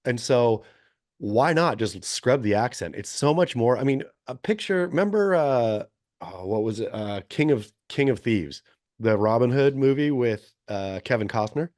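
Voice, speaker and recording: A man's voice: medium pitch, animated, moderate pace, darkish tone, no echo, studio quality. A man in his forties co-hosting a podcast, chatting casually and rambling through opinionated asides with frequent self-corrections. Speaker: podcast co-host. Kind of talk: casual chat.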